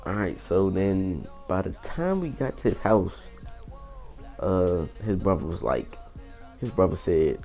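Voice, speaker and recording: A young man with a very low, deep voice tells a personal story in a casual, rambling way. He swears freely and retells the events with animated energy. Faint music plays quietly behind him. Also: measured pace. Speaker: vlogger.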